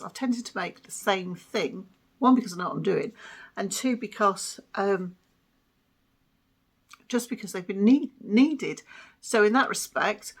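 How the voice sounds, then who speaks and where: A woman with a medium-pitched, creaky, husky voice that's a bit bright hosts a crafting vlog and podcast. Chatting casually at home, she fills her talk with ums, little laughs and self-deprecating asides.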